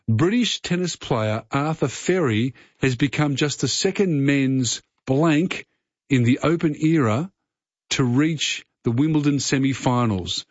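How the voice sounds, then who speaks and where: On a slightly muffled radio broadcast, an Australian-accented man runs a talkback phone-in quiz, his casual chat friendly and rambling, peppered with fillers and restarts. He has a mid-range, darkish voice, and there's no echo.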